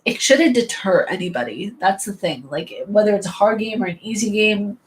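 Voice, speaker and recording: A woman's voice: mid-range voice, expressive, moderate pace. A tired woman from New chats casually as a host. She rambles and often laughs as she talks. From New York. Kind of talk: casual chat.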